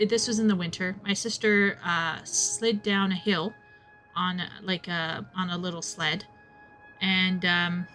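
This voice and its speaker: A young woman chatting casually while streaming a game, telling a rambling story with many restarts and asides. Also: mid-range voice. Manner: rambling, self-interrupting, animated storyteller.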